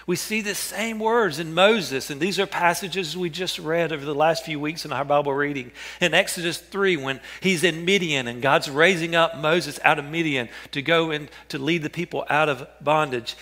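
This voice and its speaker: Bright-voiced man preaching a sermon. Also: fairly high pitch, moderate pace, few pauses. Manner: earnest preaching, repeats phrases, softens to a hush for quoted callings. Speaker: pastor.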